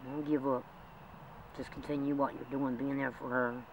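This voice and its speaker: A man's voice: mid-range voice, level tone, normal speed. A man talking in a rambling, emotional way in a homemade drama, with frequent laughs. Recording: distant mic with loud background noise.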